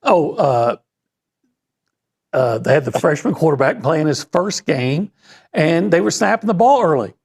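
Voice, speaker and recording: A man with an East Texas accent co-hosts a sports talk show. His voice is high and husky with a gravelly edge, and his pitch swings a lot as he talks in a halting, wry way. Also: very animated, darkish tone. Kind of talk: casual sports radio chat.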